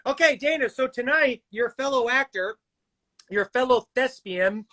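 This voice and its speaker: A man's voice: extremely high pitch, measured pace, pushed and bright. A man hosting a casual live stream from his home on a phone, upbeat, reading viewer comments aloud and laughing often. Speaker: live stream host and actor.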